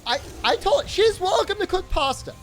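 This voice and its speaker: Lively joking woman game streamer. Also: very high voice, normal speed, soft background music. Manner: jokey, answers chat aloud, lively. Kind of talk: casual live-stream chat while gaming.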